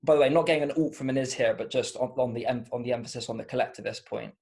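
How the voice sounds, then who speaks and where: A man's voice: mid-range voice, very fast, vocal fry, a little mellow. A man with a Bristolian accent, a podcast guest talking through ideas casually, thoughtful and rambling, with many fillers and restarts. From Bristol, England. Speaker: podcast guest, comedian and author. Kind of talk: casual interview chat.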